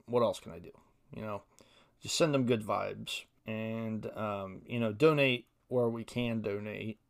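A man's voice: lowish voice, steady tone, a little slow, gravelly, smooth. A young man from Ohio hosting a podcast on his own, talking casually in a rambling, self-deprecating way and reading quotes aloud. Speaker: podcast host. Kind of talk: solo casual podcast commentary.

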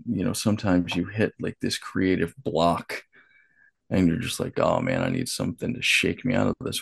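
Deep gravelly man telling his story frankly. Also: no room sound, clean studio sound. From United States. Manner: frank and profane, with quoted inner dialogue and restarts. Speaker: author and artist, podcast guest. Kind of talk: candid conversational storytelling.

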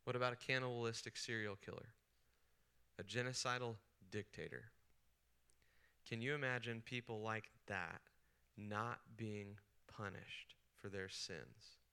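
Bright, crisp-voiced man preaching a sermon. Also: mid-range voice, a little slow, pauses often. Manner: animated preaching, acting out the angry prophet's voice. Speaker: pastor. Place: retreat session hall.

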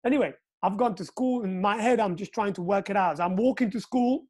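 A man's voice: high voice, a little fast, slightly rough. A man from Portugal hosting a casual chat, telling a story and acting out the quotes with energy. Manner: animated storyteller, acts out quotes.

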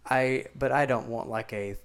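A man's voice: medium pitch, steady tone, normal speed, smooth. A man in his twenties from Mississippi with a Southern accent, chatting bluntly and casually as a podcast co-host. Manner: laid-back, blunt, swears freely.

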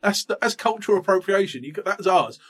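A man's voice: high-pitched, brisk. Ranting man in his thirties. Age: 30s. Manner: animated, self-mocking, ranting. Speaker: podcast co-host. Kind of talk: comic rant in casual chat.

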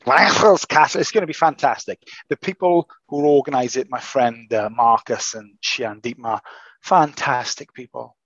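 A man's voice: mid-range voice, unhurried, a bit bright, dry recording. Martial arts instructor guy chatting, emphatic, swears a lot, dry close sound, bit muffled. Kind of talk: casual podcast chat.

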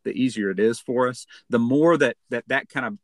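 A man's voice: medium pitch, normal speed, dry recording. A man co-hosting a counseling podcast, explaining in an earnest, conversational way and often repeating words as he speaks.

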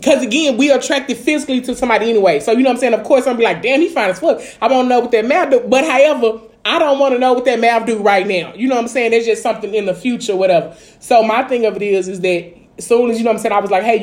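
A woman's voice: a little high, quick pace, darkish tone. A woman with a Dallas accent venting in a casual chat, blunt and profane with lots of filler phrases. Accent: Dallas, Texas.

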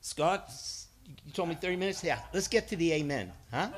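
Middle-aged guy preaching, storyteller, slightly high voice, bouncy and expressive. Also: normal speed. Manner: storytelling, acts out voices, builds to emphatic peaks. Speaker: guest preacher and schoolteacher. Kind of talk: sermon.

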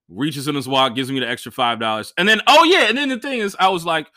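A man, a stand-up comedian, telling a profane story in a casual, animated way and acting out what other people said. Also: mid-range voice, fairly quick, few pauses, dry recording, studio quality.

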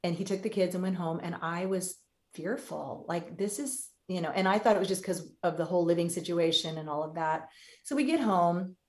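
A woman in her fifties appears as a podcast guest, speaking fairly quickly in a fairly low voice. She tells a personal story candidly and acts out the voices of the people she quotes.

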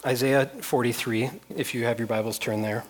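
A man's voice: medium pitch, steady tone, moderate pace. A man preaching a sermon as pastor, reading scripture aloud with rising intensity and repeating phrases.

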